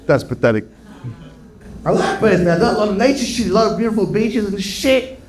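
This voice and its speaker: A man's voice: high-pitched, very animated, brisk. A man from Melbourne doing a stand-up set, with crude, sweary banter with the crowd. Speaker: stand-up comedian. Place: comedy club stage with live audience. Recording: echoey club room with loud crowd.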